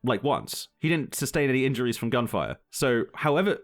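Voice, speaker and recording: A man's voice: mid-range voice, big pitch swings, fairly quick, soft background music. A young man co-hosting a podcast, walking through a story in casual chat, rambling and sweary, often laughing. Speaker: podcast co-host.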